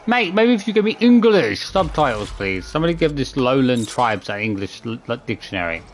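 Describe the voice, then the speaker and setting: A man's voice: mid-range voice, sing-song, brisk. A man streaming a video game, exasperated, swearing and counting his button presses aloud. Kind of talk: live gameplay commentary.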